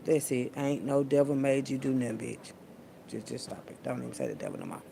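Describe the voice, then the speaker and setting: A woman's voice: extremely low pitch, a little fast, gravelly, a little hiss or hum. A woman, preaching casually and profanely into her phone in a spiritual vlog. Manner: animated, preachy, profane, Southern US slang.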